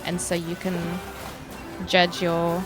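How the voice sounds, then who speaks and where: A woman streaming a game, chatting casually with her viewers, swearing loosely and answering chat between quick laughs. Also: lowish voice, monotone, over music.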